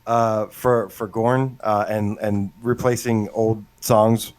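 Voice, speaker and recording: A man's voice: lowish voice, little pitch movement, slow pace, a little mellow. Rambling man co-hosting a gaming podcast. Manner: rambling, hesitant, lots of fillers. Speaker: podcast co-host. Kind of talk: casual gaming podcast chat.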